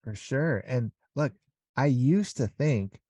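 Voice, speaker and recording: A man's voice: medium pitch, animated, takes it slowly, dark tone, breathy edge, dry recording, highs cut off. A middle-aged man talking as an interview guest in a casual conversation, earnest and rambling with many restarts.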